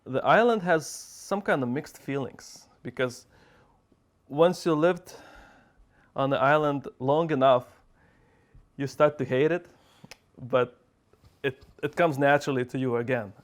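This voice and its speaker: A man from Lithuania answering interview questions hesitantly, with frequent pauses and fillers. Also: medium pitch.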